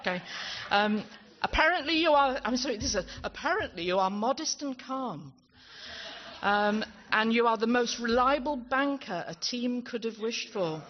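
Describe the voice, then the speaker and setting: On stage at a conference closing ceremony, a woman gives a live thank-you speech into a handheld mic, chatty, self-deprecating, and stumbling over her words. Her voice is fairly high and expressive at normal speed. The hall sound is dull with the crowd behind her, plus a little hiss or hum.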